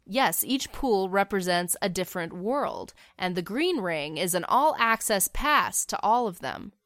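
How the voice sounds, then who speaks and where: A woman's voice: mid-range voice, expressive, unhurried, a bit bright, dry recording, clean studio sound. A woman casually narrating a fan story in a chatty, wry way, with the odd filler.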